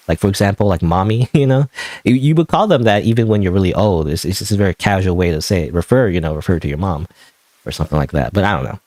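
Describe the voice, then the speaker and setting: A man's voice: fairly low pitch, darkish tone, no room sound. A man casually commenting on a game while streaming, rambling and often unsure of himself. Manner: rambling, unsure, self-questioning.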